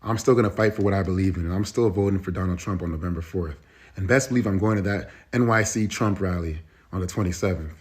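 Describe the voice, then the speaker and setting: A young man rants to camera, blunt and defiant, with loose slang. His voice is very deep, and he talks fast. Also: a little mellow. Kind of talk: casual rant to camera.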